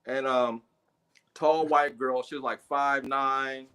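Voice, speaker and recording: A man's voice: mid-range voice, steady tone, takes it slowly, fairly bright tone, clear, resonant tone. A man telling a funny personal story in a casual livestream chat, acting out the people he quotes with big jumps in his voice. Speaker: guest storyteller. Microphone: video call.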